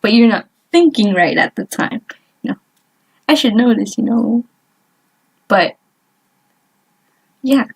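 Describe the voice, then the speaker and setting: A woman's voice: on the high side, lively intonation, slow pace, vocal fry, pauses often, slightly rough. A young woman vlogger chatting casually while she doodles, rambling and trailing off with lots of fillers and little laughs. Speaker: artist vlogger.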